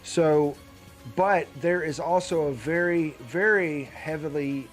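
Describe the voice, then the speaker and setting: A man on a casual chat show, his voice sitting a little high for a man. He rambles, circles back, restarts his sentences and laughs often. Faint music plays behind him. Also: takes it slowly. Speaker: podcast co-host.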